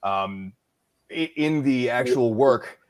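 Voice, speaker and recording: Male narrator guest, mid-pitched, casual, thinks aloud and restarts as he explains. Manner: halting, thoughtful explainer. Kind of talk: casual conversation.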